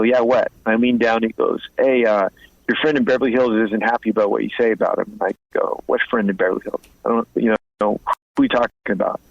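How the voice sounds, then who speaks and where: A man's voice: mid-range voice, vocal fry, no room sound, dull audio. A man in his fifties, a guest telling blunt streetwise stories in a casual interview and acting out both sides of the talk. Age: 50s. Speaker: guest, former mobster turned informant and author.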